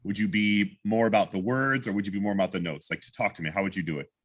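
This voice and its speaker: A man teaching an online singing masterclass, coaching a student with lots of restarts and sung examples. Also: fast talker. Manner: animated, demonstrates lines by singing them high; many restarts and repeated words. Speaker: opera singer teaching a masterclass. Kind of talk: vocal coaching.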